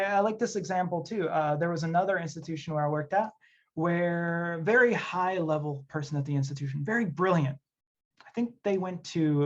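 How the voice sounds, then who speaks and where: A man from Tennessee who works as an instructional designer, leading an online workshop in an earnest, conversational way with many fillers. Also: on the high side. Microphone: computer mic on a video session. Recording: dull lo-fi audio.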